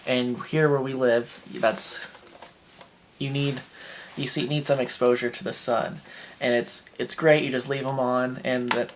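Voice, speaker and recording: A young man hosting a comedy show, telling a dating story in a dry, deadpan way. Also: medium pitch, a little slow, background noise. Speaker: comedian host.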